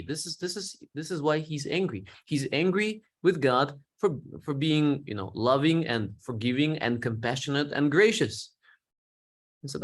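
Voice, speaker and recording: A man teaching a Bible story lesson, explaining words simply and slowing down for learners. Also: mid-range voice. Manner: acts out quoted lines with feeling.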